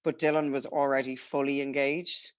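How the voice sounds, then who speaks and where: A young Irish woman chatting casually, telling a story with lively acted-out quotes and frequent laughs. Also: rumbling low, moderate pace. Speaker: podcast guest telling a birth story. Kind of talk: casual chat.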